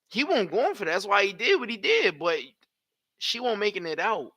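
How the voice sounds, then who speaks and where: A young man giving blunt, profane live reaction commentary full of slang and loud outbursts. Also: high voice, big pitch swings, normal speed, dry recording.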